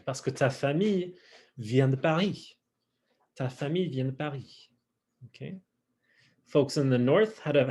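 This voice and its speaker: A man teaching an online French class, saying y'all and slowly drilling each phrase for his students. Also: medium pitch, slightly rough. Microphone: video call.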